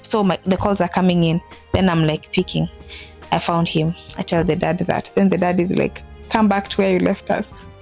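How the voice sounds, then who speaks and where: A woman in her thirties tells a personal vlog story in an animated way, acting out what people said with big jumps in her voice. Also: moderate pace, gravelly, faint music behind. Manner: animated, acts out quotes with big pitch jumps. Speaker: vlogger telling a personal story. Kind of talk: emotional storytelling to camera.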